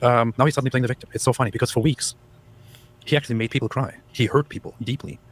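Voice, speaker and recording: A man's voice: medium pitch, fairly even intonation, racing, crowd noise. A man chatting casually in an indignant tone, stumbling and restarting his sentences. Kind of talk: casual chat.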